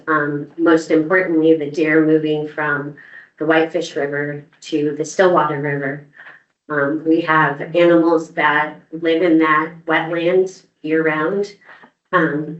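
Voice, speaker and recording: A woman giving a public comment at a meeting, congested and gravelly, speaking carefully and a little nervously. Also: low-pitched. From United States. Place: council chamber. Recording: dull, roomy meeting audio from far off.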